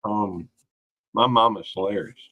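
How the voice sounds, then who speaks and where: A man's voice: fairly low pitch, unhurried, highs cut off. A man hosting a casual late-night livestream, rambling in a folksy way and greeting viewers by name. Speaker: livestream host.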